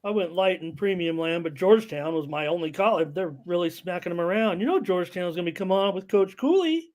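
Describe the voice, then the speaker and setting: A middle-aged man with a high voice talks in an excitable, jokey way. He rambles through casual live-stream banter as a co-host. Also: a little fast.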